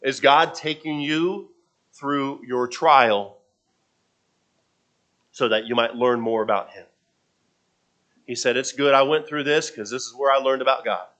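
A man preaching a sermon, often repeating and restarting his phrases, and moving between soft low asides and loud bursts. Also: a little slow, pauses often, rough recording.

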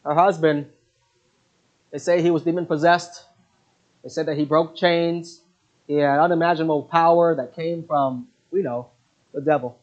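Man preacher, earnest storytelling sermon, a little higher-pitched than most men, lo-fi sound. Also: fairly even intonation. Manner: earnest, halting, with many fillers. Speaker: preacher, mission speaker. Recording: dull lo-fi recording.

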